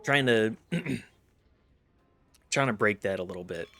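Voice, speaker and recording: A man streaming a game, chatting casually with a rambling, self-deprecating manner and vocal fry. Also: lowish voice, expressive, a little slow, pushed and bright. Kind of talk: casual gaming chat.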